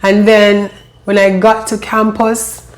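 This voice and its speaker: A woman telling her own life story, emotional and halting, often repeating her phrases. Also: mid-range voice, flat delivery. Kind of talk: personal storytelling.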